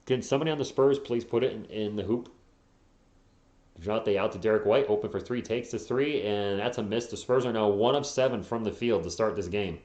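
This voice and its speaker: A hoarse man hosting a live fan play-by-play stream, calling plays quickly and tossing in joking asides and replies to viewers. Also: on the low side, darkish tone, echoey room, dull audio. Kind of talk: casual live play-by-play commentary.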